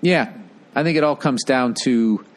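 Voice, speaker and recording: A man's voice: mid-range voice, measured pace. A man in his fifties, a comedian, hosting a casual podcast monologue in a rambling, profane, blunt way. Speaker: podcast host and stand-up comedian. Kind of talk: casual podcast monologue, reading listener mail.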